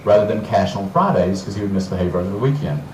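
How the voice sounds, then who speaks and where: A man's voice: on the low side, fast talker, a little hiss or hum. Southern man telling garden stories. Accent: Southern American. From Georgia, USA. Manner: animated, chuckling storyteller. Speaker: garden author and speaker. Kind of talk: storytelling lecture to an audience. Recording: roomy, distant mic with faint ambience.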